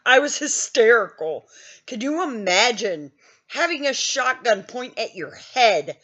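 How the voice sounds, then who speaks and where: A woman's voice: fairly high pitch, sing-song, slow pace, pushed and bright, lo-fi sound. An older woman hosting a gaming channel, telling a story in a blunt, self-mocking way with lots of swearing. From Wisconsin, US. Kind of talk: casual storytelling.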